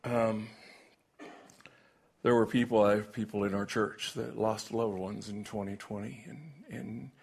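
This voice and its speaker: A man who is a pastor, praying and preaching to his church in a folksy, joking way, with halting restarts. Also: on the low side, fairly even intonation, creaky, breathy edge. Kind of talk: sermon with prayer and jokes.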